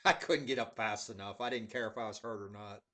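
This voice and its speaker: A man telling casual stories with many fillers, then reviewing a pipe tobacco in a relaxed, rambling way. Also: fairly low pitch, brisk. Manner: laid-back rambling with fillers.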